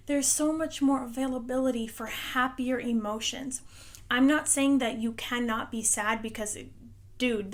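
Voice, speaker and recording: A young adult woman talking earnestly and emphatically to her viewers in a casual motivational monologue, sharing what she calls a channeled message. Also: on the high side. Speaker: spiritual channeler and host.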